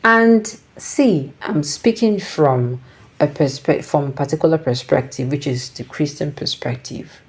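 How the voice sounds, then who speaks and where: A woman's voice: low voice, a little slow, breathy edge. A Nigerian woman giving reflective casual commentary, slipping into Pidgin and restarting her sentences.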